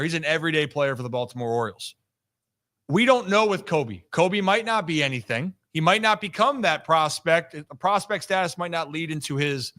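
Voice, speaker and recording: This is a man hosting a live baseball talk show, and his voice sits a bit high with a bright, ringing edge. He talks in a lively, animated way and teases his co-host as he goes. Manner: energetic, animated, teasing. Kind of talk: casual sports talk show.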